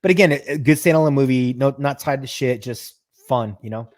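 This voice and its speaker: A man's voice: medium pitch, a little fast, no echo. A man in the middle of his range chats on a podcast, retelling scenes with loose energy and frequent restarts. His voice sits close and dry on the mic, with no room around it. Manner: animated storyteller, stumbles and restarts, swears freely. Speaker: podcast co-host. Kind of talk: casual chat.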